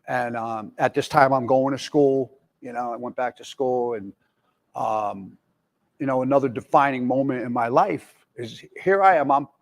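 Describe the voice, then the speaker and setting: A man in his forties tells his own recovery story with plain candor. His voice sits at an ordinary middle pitch, and he rambles, restarting sentences and leaning on fillers as he talks. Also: moderate pace. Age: 40s. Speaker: speaker in recovery. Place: jail, indoors.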